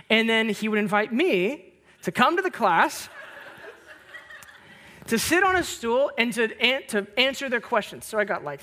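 Male pastor, sermon delivery, lively storyteller who swings between loud bursts and hushed reflection. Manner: animated storytelling, rising loud on anecdotes; drops soft and low on reflective points. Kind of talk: Christmas sermon.

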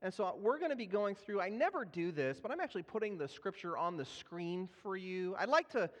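Pastor, man, 30s, high-pitched, chatty sermon storytelling, hall reverb. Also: sing-song, a little fast, fairly bright tone. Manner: conversational, self-deprecating, with frequent fillers and restarts. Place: church sanctuary. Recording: echoey hall.

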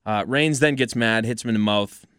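A man's voice: mid-range voice, moderate pace, fairly bright tone, clear, resonant tone, no room sound, clean studio sound. A man hosting a casual podcast, recapping events from notes in a laid-back way with joking asides. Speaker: podcast host. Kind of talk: casual wrestling podcast chat.

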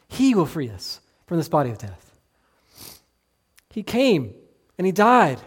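A male pastor preaching a sermon, earnest and pleading, with many rhetorical questions. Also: sits high.

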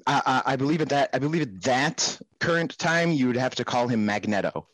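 A man's voice: medium pitch, a little fast, fairly bright tone, no echo, rough recording. A man co-hosting a podcast in casual chat, enthusiastic, swearing casually and stumbling over his words. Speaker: podcast co-host.

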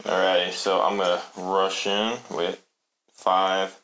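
A man's voice: sits low, monotone, slow, fairly bright tone. A man playing a tabletop game, chattily describing his character's actions. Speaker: player. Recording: echoey room with faint noise.

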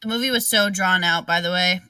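A woman's voice: on the low side, a little fast, pushed and bright, clear, resonant tone, dry recording, recorded from a distance. A young woman co-hosting a casual movie review podcast, blunt and profane. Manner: blunt, profane, laughs often. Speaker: podcast co-host.

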